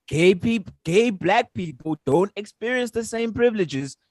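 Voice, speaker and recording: Man, podcast co-host, fairly high voice, heated and emphatic, dry sound. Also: lively intonation, unhurried, dry recording. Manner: heated, emphatic storytelling, profane. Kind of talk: casual chat.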